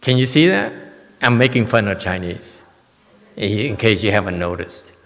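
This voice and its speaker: A man's voice: lowish voice, animated, normal speed, a bit bright, long reverb tail. A man as a Buddhist master giving a dharma lecture on a sutra, blunt and teasing, often checking in with "okay?". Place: temple lecture hall.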